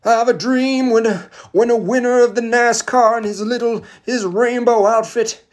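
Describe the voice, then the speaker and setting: A man's voice: very high voice, fairly even intonation, normal speed, pitched above the performer's own voice. A man putting on a mocking impression of a preaching orator, in a swooping sing-song delivery. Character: shrill mocking parody of a male preaching orator.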